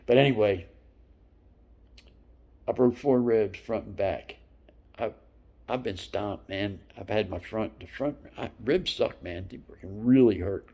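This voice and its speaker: A man in his fifties telling rambling stories, profane and loose, dropping into whispered asides between louder bursts. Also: fairly low pitch, measured pace, pauses often. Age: 50s. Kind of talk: rambling storytelling monologue.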